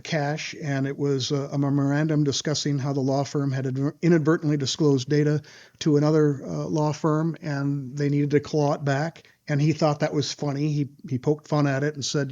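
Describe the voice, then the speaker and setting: A man recounts a story to an interviewer with mounting indignation, stopping often on small fillers. His voice sits a bit high for a man. The audio is slightly dull and lo-fi. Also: level tone, brisk, darkish tone. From Wisconsin. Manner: indignant, retelling events with acted quotes and frequent "uh" fillers. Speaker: lawyer interviewed as guest.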